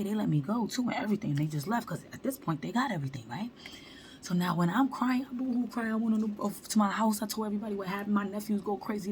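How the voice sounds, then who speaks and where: A woman vlogger telling a storytime monologue in slangy, animated talk, acting out the quotes. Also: medium pitch, a little hiss or hum.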